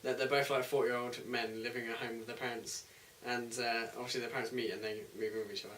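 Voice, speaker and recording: Young male co-host, relaxed storyteller, echoey room, faint hiss in the background. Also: mid-range voice, fast talker. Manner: easygoing, retells scenes. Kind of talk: casual film chat. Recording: echoey room, distant mic, light hiss.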